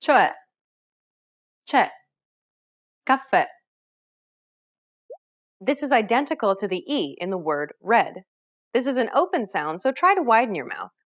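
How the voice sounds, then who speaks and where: A woman teaching a scripted pronunciation lesson, explaining clearly and upbeat, modeling example words. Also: on the high side, sing-song, a little fast. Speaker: language teacher.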